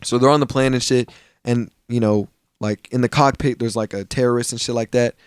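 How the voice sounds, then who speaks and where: A man's voice: medium pitch, fairly quick, clean tone, no echo, clean studio sound. A young man co-hosting a podcast in casual chat, retelling scenes with lots of slang and swearing and acting out the characters. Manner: animated storytelling, acts out quoted characters. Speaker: podcast co-host.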